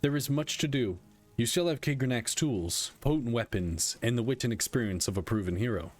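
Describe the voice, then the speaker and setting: A man's voice: medium pitch, animated, natural voice. A man reading out a weary, candid god-king. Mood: solemn. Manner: reads text aloud in a plain measured voice.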